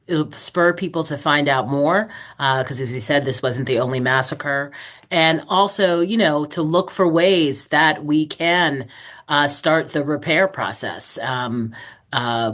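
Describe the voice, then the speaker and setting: Deep-voiced woman filmmaker guest. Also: fairly bright tone. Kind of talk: interview conversation.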